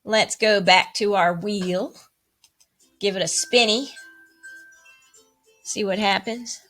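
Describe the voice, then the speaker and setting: A woman's voice: takes it slowly, fairly bright tone. A woman music teacher leading a playful online rhythm lesson for children, cheering often and chanting rhythm syllables and counts. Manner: bubbly and playful, with high whoops and cheers.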